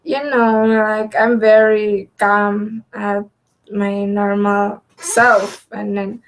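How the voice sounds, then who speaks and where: A woman's voice: medium pitch, flat delivery, extremely slow, rough recording. A woman chatting casually with her partner, speaking plainly about her own reactions. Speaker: co-host, partner. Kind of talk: casual chat.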